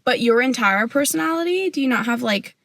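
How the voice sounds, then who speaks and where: A young woman vlogger giving a sassy, animated opinion rant to camera, full of "like" fillers. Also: a little high, fairly quick, creaky, dry recording.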